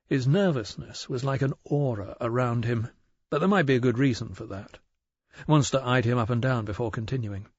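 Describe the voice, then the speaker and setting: A man narrating a mystery audiobook in a measured, even storytelling manner. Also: mid-range voice, breathy edge, no echo, dull audio. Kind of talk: scripted narration.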